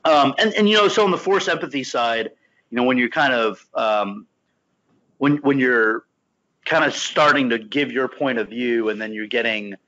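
A man's voice: medium pitch, normal speed, pushed and bright, dull audio, a little hiss or hum. A man talking casually on a podcast about a book, rambling with many restarts. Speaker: podcast team member.

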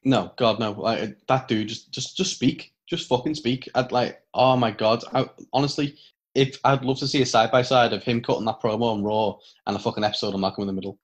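Sweary ranting podcast host. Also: male voice, medium pitch, steady tone, a little fast. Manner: sweary, ranting, laughs often. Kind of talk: casual wrestling review chat.

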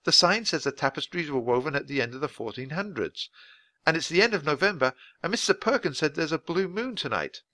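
A man voicing an eager, excitable young girl in a storybook reading. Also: fairly high pitch, fairly quick, no room sound, voice pushed up.

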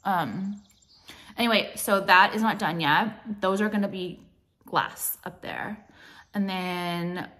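A woman's voice: mid-range voice, takes it slowly, bright, forceful tone. A young woman talking in a casual vlog, blunt and profane, rambling with lots of fillers. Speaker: vlogger and jewelry brand owner.

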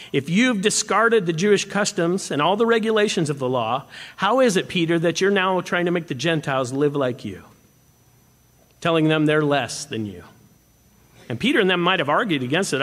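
A man preaching a sermon as pastor, animated and swinging between emphatic points and hushed moments. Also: fairly high pitch. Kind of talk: expository sermon. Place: church sanctuary. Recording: long hall reverb.

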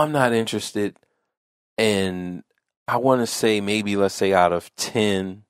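A man's voice: fairly low pitch, no echo, clean studio sound. A man hosting a podcast, telling a casual story in a rambling way that repeats phrases and restarts often. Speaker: podcast host.

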